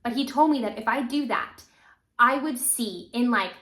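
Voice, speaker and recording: High-voiced woman teaching violin, roomy echo. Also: moderate pace, pushed and bright. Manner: casual, encouraging, demonstrates while talking. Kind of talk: instructional video talk.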